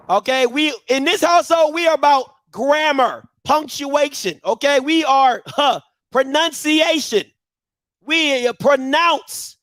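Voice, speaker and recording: A man in his thirties with a strikingly high-pitched voice hosts a heated commentary rant. He mocks his target with rapid-fire rhetorical questions and breaks into shouting now and then. The sound is dry and close, with no room echo. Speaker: show host.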